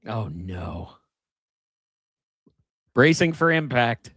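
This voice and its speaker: A man's voice: mid-range voice, sing-song, drawn-out words, a bit bright, breathy edge, no room sound. A man co-hosting a casual podcast who chimes in with short, dry quips. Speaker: podcast co-host.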